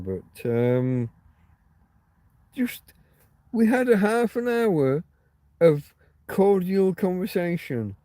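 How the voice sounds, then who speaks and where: A man's voice: medium pitch, warm tone. A man hosting a casual livestream, rambling through stories and answering viewer comments. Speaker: livestream host.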